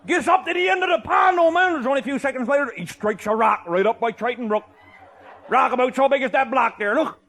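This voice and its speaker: An older man telling a comic tall tale, boisterous and loud, often laughing as he talks. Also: extremely high pitch, fast talker. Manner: boisterous, often shouting and laughing mid-sentence. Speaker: storyteller.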